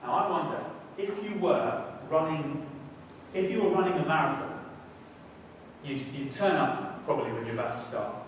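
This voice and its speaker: A man preaching in a high voice. His delivery is animated and conversational, and he raises it to loud bursts for emphasis. The voice booms around a big reverberant hall, picked up from well back from the mic. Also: normal speed, pauses often, slight background noise. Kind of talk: sermon. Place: church hall. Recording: echoey hall, mic at a distance.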